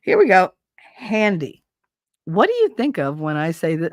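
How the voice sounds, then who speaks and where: A woman's voice: on the low side, huge pitch swings, normal speed, no room sound, clean studio sound. A woman from New Jersey with a Jersey accent and a slight Southern twang, hosting a podcast as casual, opinionated chat, blunt and profane. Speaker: podcast host.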